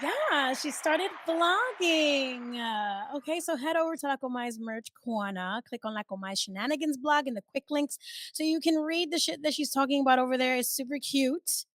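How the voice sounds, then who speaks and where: A woman hosting her own podcast, talking in a candid, chatty way that swings between loud and soft and swears freely. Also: sits high, a little fast. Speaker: podcast host. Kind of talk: casual solo podcast chat.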